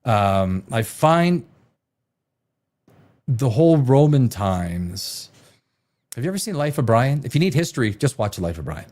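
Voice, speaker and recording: A man's voice: medium pitch, sing-song, a little slow, darkish tone. A man hosting a live science and news show, reading items aloud and rambling off into jokes. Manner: jokey, rambling, laughs at his own jokes. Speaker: host. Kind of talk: casual live show commentary.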